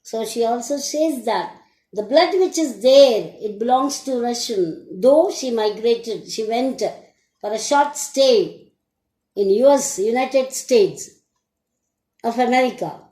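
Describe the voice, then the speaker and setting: A woman teacher with an Indian English accent leads an English lesson in a high voice, moving slowly and deliberately. She keeps putting questions to her students. The recording sounds echoey, as if made in a bare room. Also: lively intonation, dark tone. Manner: slow, deliberate, asks the class questions.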